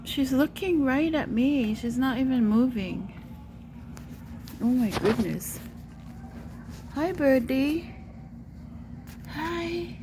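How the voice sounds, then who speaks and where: A woman vlogging in excited casual chat, cooing sweetly and calling out pleadingly. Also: slow pace, long pauses, noisy background. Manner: coos sweetly at a bird in a high voice; calls out pleadingly for her dad.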